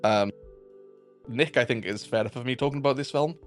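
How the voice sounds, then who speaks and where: Welsh male co-host, mid-pitched, eager and chatty, faint music behind. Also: a little fast. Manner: enthusiastic, news-sharing, laughs often. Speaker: podcast co-host. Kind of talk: casual chat.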